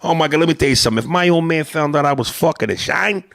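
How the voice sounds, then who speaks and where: A man's voice: fairly high pitch, racing, creaky, a bit bright, dry recording, studio quality, pitched above the performer's own voice. A man voicing a crude, blunt old-school Italian-American man with a New York Italian-American accent, profane and brash. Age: older.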